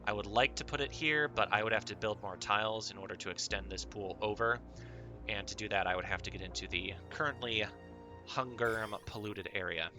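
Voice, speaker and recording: A man's voice: fairly low pitch, sharp tone. A man hosting his own gaming channel, chattily explaining game mechanics in casual commentary and talking straight to his viewers.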